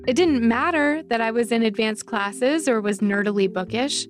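A woman from North Carolina reading her personal essay in a deliberate, reflective way. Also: a little high, soft background music.

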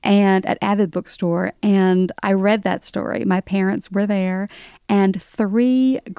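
A woman's voice: mid-range voice, fairly even intonation, takes it slowly, mellow, smooth, dry recording, studio quality. A woman from the American South, an author guest on a radio interview, telling stories in a playful way with frequent laughter. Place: radio studio. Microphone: studio mic.

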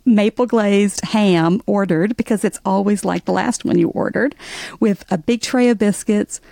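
A woman's voice: medium pitch, normal speed, vocal fry, dark tone, dry recording, clean studio sound. A middle-aged woman from Alabama with a Southern accent, telling wry stories with frequent laughs as an interview guest. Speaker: author guest. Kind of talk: interview conversation.

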